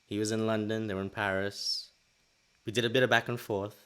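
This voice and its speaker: A man's voice: lowish voice, flat delivery, a little fast, fairly bright tone. A young man co-hosting a podcast, telling a story in casual chat and acting out his own past thoughts. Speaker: podcast co-host.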